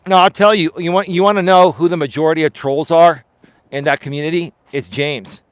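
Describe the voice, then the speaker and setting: A man's voice: fairly high pitch, fairly even intonation, fairly quick, smooth, dry recording. A man, a life coach, chatting casually on a livestream while out walking, reading viewer comments and answering them. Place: outdoors on a walk.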